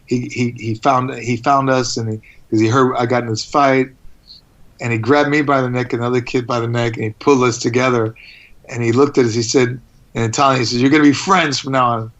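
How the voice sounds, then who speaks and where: A man telling stories as a guest in a casual interview, rambling and animated, with restarts. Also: medium pitch, fairly quick, lo-fi sound. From United States.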